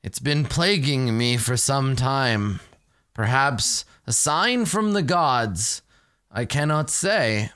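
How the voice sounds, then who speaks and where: A man voicing a smooth-talking older male noble who claims piety, speaking in a measured, unctuous way. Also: medium pitch, lively intonation, fairly bright tone, no echo, clean studio sound, voice pushed up.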